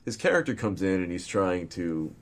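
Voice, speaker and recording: A man with a very deep, low voice chats loosely about his films as their director. He rambles through the talk with plenty of fillers and swears freely and casually. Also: big pitch swings, normal speed. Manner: rambling and profane, full of fillers. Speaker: film director. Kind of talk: casual podcast interview.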